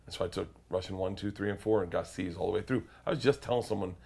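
A man's voice: deep voice, fast talker, vocal fry, darkish tone, husky. A man in his forties telling a story in an interview, rambling and cutting himself off as he quotes people. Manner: rambling, self-interrupting, quotes others in character. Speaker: comedian guest.

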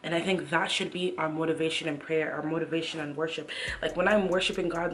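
A young woman, lower-pitched voice, devotional vlog to camera, earnest, chatty fillers, faint music behind. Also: steady tone, fast talker. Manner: earnest and encouraging, many "like" and "you know what I mean". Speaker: Christian vlogger. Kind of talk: casual devotional talk to camera.

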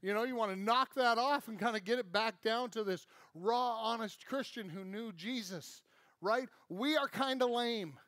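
A man's voice: high voice, moderate pace, a bit bright, dry recording. A man preaching a sermon in an emphatic, conversational way, often checking in with "right?". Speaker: pastor. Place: church.

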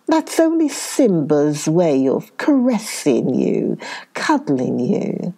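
A woman voicing a crafty male hare who coaxes the others along, speaking slowly and slyly in a storybook tale. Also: sits low, huge pitch swings, dark tone, husky, exaggerated voice. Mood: coaxing. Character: crafty scheming male hare, smooth talker.

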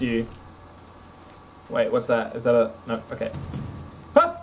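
A man's voice: medium pitch, huge pitch swings, unhurried, pauses often, a little mellow, a little hiss or hum, low-quality recording. A man streaming a horror game, swearing and jumpy while he talks to his companion through a desk mic. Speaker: gameplay streamer. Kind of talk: let's play commentary. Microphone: desk mic with face cam.

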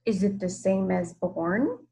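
A woman's voice: mid-range voice, lively intonation, slow pace, vocal fry, dark tone. A woman reading aloud and voicing a polite, curious young girl in a raised, questioning voice.

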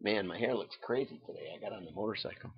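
A man's voice: fairly low pitch, expressive, quick pace, a little hiss or hum. An older man hosting a casual livestream, chatting in a rambling way and chuckling often as he goes over news items. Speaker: livestream host. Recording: dull, lo-fi, dry livestream audio.

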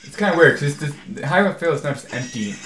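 In a slightly high, animated voice with a fairly bright tone, a man races through rambling let's play commentary, easily exasperated and saying "freaking" often. The echoey room has faint game music and slight background noise.

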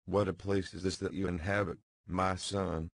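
A male narrator doing a mournful aging father, tender and worried over his son, in formal, measured phrasing. The low voice sits dry and close in the audiobook recording. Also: little pitch movement, creaky, no echo. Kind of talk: audiobook character reading.

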